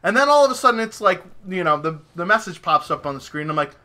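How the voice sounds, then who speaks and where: A young man, a podcast host, telling a story in casual chat, animated and profane, acting out his own reactions. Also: high voice, quick pace.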